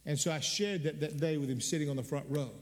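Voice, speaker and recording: An older man delivers a sermon from a church sanctuary, his voice sitting a little high for a man. He tells stories earnestly, repeats words as he gathers himself, and climbs into sudden emphatic bursts. The sound rings out with a long hall reverb. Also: fairly even intonation, fast. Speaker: pastor.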